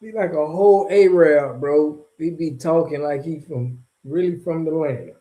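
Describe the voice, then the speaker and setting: A man from Florida rants casually to camera in a slangy, rambling way, breaking into chuckles between his points. His voice sits a bit high for a man but sounds soft and warm rather than bright. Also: unhurried. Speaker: vlogger. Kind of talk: casual off-the-cuff commentary.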